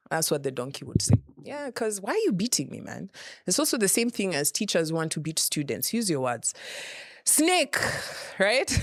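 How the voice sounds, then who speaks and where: A woman's voice: on the low side, no room sound, clean studio sound. A young Kenyan woman hosting a comedy show, teasing and laughing often as she jokes. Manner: playful, teasing, laughs often, mixes in Swahili. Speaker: host. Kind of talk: comedic monologue.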